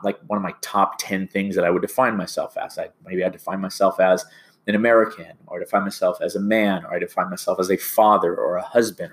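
A man with a fairly low voice teaching a class. He rambles and stumbles over restarts as he walks through the lesson. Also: fairly bright tone. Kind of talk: classroom lecture.

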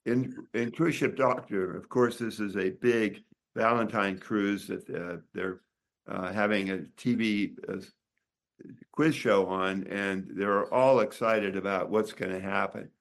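Older man, lowish voice, chatty and halting, a doctor telling stories about his book. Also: steady tone. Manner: rambling, halting, many restarts. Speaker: author and doctor. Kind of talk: casual interview chat.

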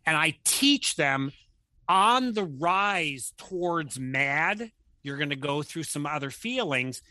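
A man's voice: a little high, slow, dry recording. A man talking as a guest counselor, telling stories in conversation and acting out the voices of the people he quotes. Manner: animated storyteller who acts out quoted voices. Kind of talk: conversational storytelling.

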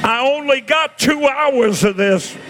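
A man in his sixties preaching a fiery sermon, shouting and exhorting his listeners. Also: very high voice, slow, over music. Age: 60s.

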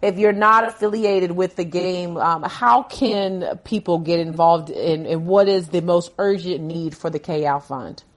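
A woman's voice: on the low side, unhurried, few pauses. A woman hosting a podcast interview, who speaks encouragingly and turns to address fans directly. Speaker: podcast host.

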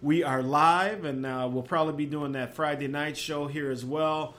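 A man hosting a live sports call-in show, loud, hyped and playful with callers. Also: a little high, fairly even intonation, moderate pace. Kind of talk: live call-in radio chat.

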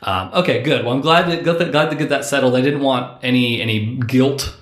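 A man's voice: medium pitch, fairly quick. A man co-hosting a podcast, chatting casually in a playful, rambling, jokey way. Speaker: podcast co-host. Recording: roomy echo.

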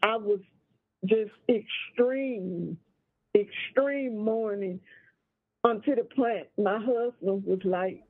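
A woman phones in to share a personal ghost story, her voice husky and a little breathy. She takes her time, drawing out key words for emphasis. The line is narrow and tinny, with a dry, close sound. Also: mid-range voice, no room sound. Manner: slow, deliberate storytelling with drawn-out emphasis. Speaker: caller. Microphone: phone call.

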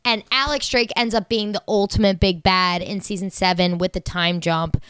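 Woman podcast co-host, rambling and excitable, smooth resonant voice. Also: medium pitch, normal speed, no echo. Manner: rambling, excitable, swears freely. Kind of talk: casual chat recapping a TV show.

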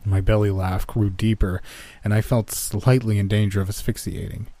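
A man narrating a first-person horror story in a steady, measured way. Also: on the low side.

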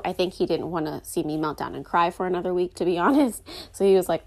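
A woman's voice: mid-range voice, a little fast, vocal fry, darkish tone. A young woman hosting a podcast alone in rambling, chatty talk full of fillers. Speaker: podcast host. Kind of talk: casual solo podcast chat.

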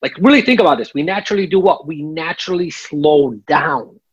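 A man's voice: fairly high pitch, a little fast, husky, lo-fi sound. A man working as a sales coach, explaining techniques step by step in a podcast interview and checking in with "okay?". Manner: instructive, repeats "okay?" to check in.

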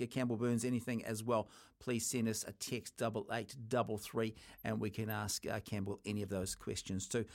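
A man with a New Zealand accent hosting a sports radio show, chatting casually and teasing his co-host. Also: mid-range voice.

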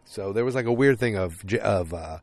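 A man's voice: on the low side, expressive, fairly quick, no echo. A man casually recapping a TV episode, rambling with lots of fillers and acting out the characters' lines. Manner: rambling, full of fillers, acts out quotes.

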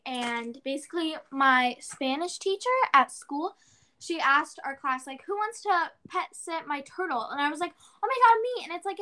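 A teenage girl chatting on a podcast with a high, bright voice. She rambles through a story with plenty of "like"s and jumps into her own past exclamations as she tells it. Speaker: podcast co-host. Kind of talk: casual chat.

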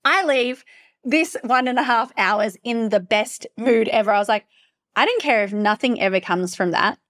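Animated, gushing young woman storyteller. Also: a little high, moderate pace. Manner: animated, gushing, swears freely. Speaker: podcast host. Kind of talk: casual storytelling.

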